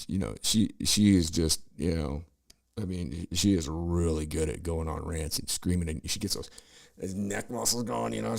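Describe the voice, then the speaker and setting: Reacting to news clips, this middle-aged host swears and rants sarcastically in profane political commentary. He speaks in a low voice with vocal fry, and the recording has no echo.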